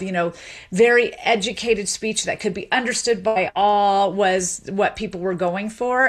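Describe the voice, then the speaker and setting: A woman, a sociolinguist, explaining speech and accents as a guest in a radio interview. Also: medium pitch. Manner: lively explaining, quick asides.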